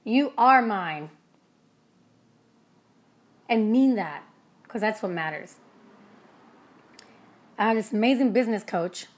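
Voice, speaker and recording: A young adult woman, an energy healer and business owner, giving a casual motivational monologue in a blunt, profane, animated storytelling way. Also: medium pitch, normal speed, long pauses.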